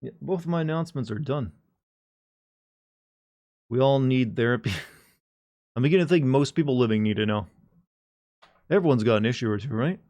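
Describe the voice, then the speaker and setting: A man's voice: mid-range voice, moderate pace, pauses often, darkish tone. A man chatting casually to his live-stream audience, joking and rambling with frequent restarts. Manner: joking, rambling, talks to chat.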